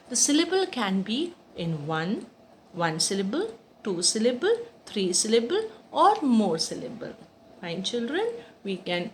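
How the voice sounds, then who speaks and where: A woman teacher takes children through basic grammar. She talks slowly and repeats each point, with a lively, swooping pitch. A faint hum of room noise sits under her voice. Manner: slow, repeats each point, asks and answers own questions.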